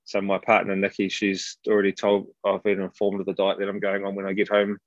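Relaxed New Zealand man, fairly low voice, dull dry lo-fi sound. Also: no echo. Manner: easygoing, says "mate" often, halting fillers. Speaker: guest rugby player. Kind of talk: casual interview chat.

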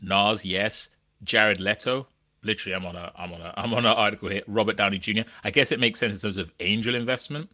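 A podcast host with a low, bright-toned voice talks fast in a casual chat, rambling through questions, restarting sentences, and checking in with "right?". The sound is dry and close, with no echo.

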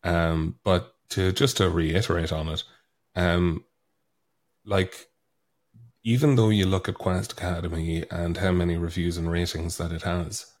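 A man's voice: low voice, unhurried. A man with an Irish accent, a guest author chatting in a casual podcast interview, telling stories animatedly while getting over a cold. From Ireland. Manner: animated storyteller, acts out quoted lines. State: sick with a cold.

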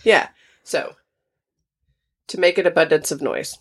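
Woman, lowish voice, chatty quiz guesser who laughs and thinks aloud. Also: unhurried. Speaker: quiz player. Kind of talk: casual chat.

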